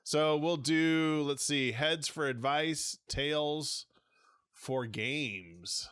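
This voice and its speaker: A man's voice: on the high side, very slow, a bit bright, clear, resonant tone, dry recording, studio quality. A man co-hosting a casual podcast who laughs a lot and reads a gamebook aloud in a playful way. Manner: laughing, playful, reads with put-on character voices.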